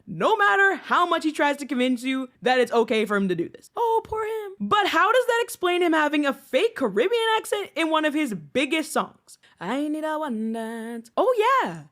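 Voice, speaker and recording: A woman's voice: high voice, sing-song, normal speed, few pauses, fairly bright tone. A young woman in her twenties giving an indignant, sarcastic scripted commentary monologue as a channel host. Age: 20s.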